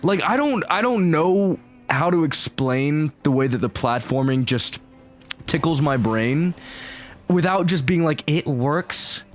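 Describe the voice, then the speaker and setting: A man giving casual, excitable gameplay commentary, rambling and swearing freely as he plays. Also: on the high side, a little slow. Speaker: gaming YouTuber.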